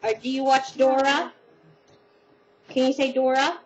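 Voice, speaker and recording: A woman's voice: high-pitched, little pitch movement, unhurried. An older woman, a grandmother at home, coaxing her little grandchildren to talk for a casual home video in a sing-song way. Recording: dull lo-fi home video with noise.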